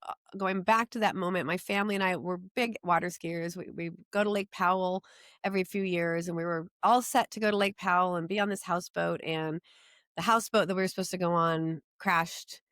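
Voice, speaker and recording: A woman's voice: lowish voice, a bit bright, no room sound, clean studio sound. Earnest woman telling a personal story. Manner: earnest, emotional, halting with restarts. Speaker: guest.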